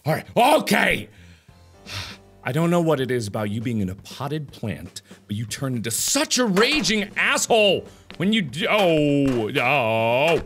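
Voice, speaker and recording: A young man voicing his play of a video game, his voice leaping wildly from low coaxing mutters up to loud, exasperated shouts. He pleads with the game, scolds it and cheers it on, pitched a little higher than most men. Light music plays faintly behind him. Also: very animated, measured pace. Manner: swings from mock-soothing to yelling. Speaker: gaming video host. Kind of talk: game commentary.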